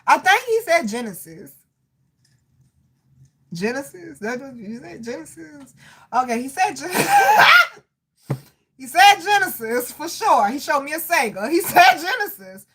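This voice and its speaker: A woman giving a live medium reading, talking casually with spirits, laughing often and swinging between loud outbursts and soft murmurs. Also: sits high, very animated, a little slow, long pauses, a little hiss or hum. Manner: casual, slangy, chatty.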